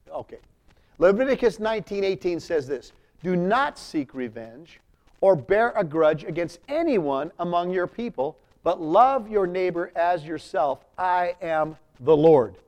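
A pastor preaches a sermon, reading scripture aloud and then explaining it in plain talk. His slightly high voice makes sudden emphatic rises and soft drops.

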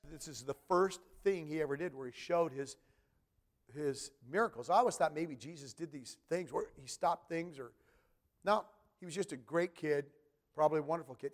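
A man preaching a sermon, telling a story with animated acted-out quotes and questions to the congregation. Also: a little high. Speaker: pastor.

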